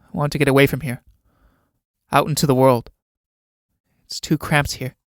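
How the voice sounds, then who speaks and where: A timid young man in a read-aloud play who answers in halting, hesitant phrases. A man acts him out in a dry, close-miked recording. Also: mid-range voice, level tone, no room sound, lightly acted. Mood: resigned.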